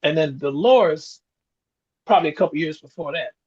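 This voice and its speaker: Lively intonation marks the fairly high, slightly mellow voice of this sixty-something podcast co-host, who has a breathy edge and speaks at normal speed. He tells reflective stories in casual chat, chuckling often. The recording is dull and lo-fi.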